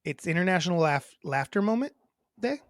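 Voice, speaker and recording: A young woman co-hosting a casual podcast with her sibling, teasing and animated, swearing freely and acting out her own reactions. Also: lowish voice, a little fast, no echo. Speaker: podcast co-host.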